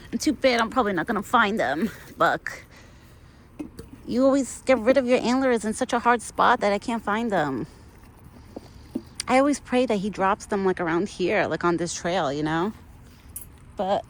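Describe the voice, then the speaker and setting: A young woman with a mid-range, fairly bright voice chats casually in a vlog, recorded on her phone camera outdoors on a trail. She's feeding a wild deer and talking sweetly to it, and there is noise in the outdoor recording.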